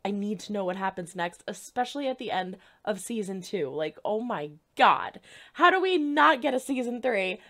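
A woman's voice: medium pitch, animated, brisk, few pauses, pushed and bright. A woman hosting a reaction video, talking with bubbly, gushing enthusiasm. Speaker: reaction channel host. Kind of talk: excited reaction vlog.

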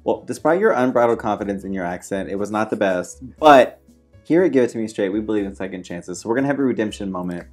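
Teasing podcast host. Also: male voice, on the low side, expressive, fast talker, a little mellow, soft background music. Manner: teasing, playfully blunt. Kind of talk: casual chat.

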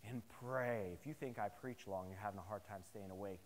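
A man's voice: on the low side, a little fast, hardly any pauses, in a large hall, slight background noise. Man preaching stories in a chapel. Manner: animated, humorous storytelling to the congregation. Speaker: pastor. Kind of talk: sermon with personal stories. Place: chapel service.

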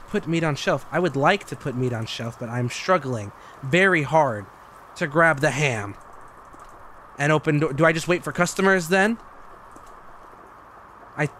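A young man streaming gameplay commentary, excitable and joking, swearing freely. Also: fairly high pitch, slight background noise.

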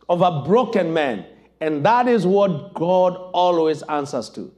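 A man preaching a sermon as pastor, impassioned and building to shouted emphasis. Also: on the high side, very animated, slow.

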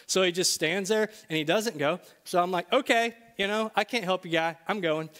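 A man's voice: sits high, a bit bright. A middle-aged male pastor preaching to a congregation in a church, telling a personal story in a conversational way that rises to emphatic bursts. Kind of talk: sermon. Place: church sanctuary before a congregation.

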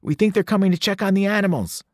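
A man voicing an anxious, earnest young male satyr who speaks in a high, urgent voice. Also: quick pace, a little mellow, no echo, studio quality, natural voice.

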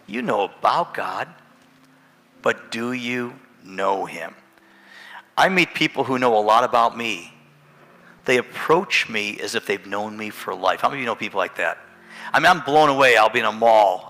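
A man preaching a sermon as pastor, telling stories and swinging from hushed to loud. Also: fairly low pitch, expressive, normal speed. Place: church sanctuary. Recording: long church hall reverb.

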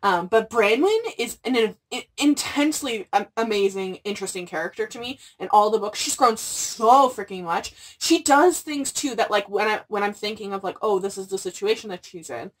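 A woman's voice: medium pitch, normal speed, few pauses, recorded from a distance. A young adult woman chatting casually about books, rambling and gushing with lots of fillers. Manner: gushing, rambling, frequent "like" and "freaking". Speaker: book vlogger. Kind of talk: casual chat.

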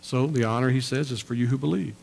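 Pastor, male, gravelly voice, emphatic sermon delivery in a reverberant church hall. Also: mid-range voice, fast talker, darkish tone. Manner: emphatic preaching with repeated phrases.

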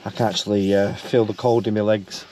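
A man's voice: on the low side, little pitch movement, fairly quick, a little mellow. A man co-hosting a travel vlog, chatting in an easygoing, joking way and muttering as he reads signs outdoors. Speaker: travel vlogger. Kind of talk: casual chat. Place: outdoors by a beach. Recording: noisy outdoor recording.

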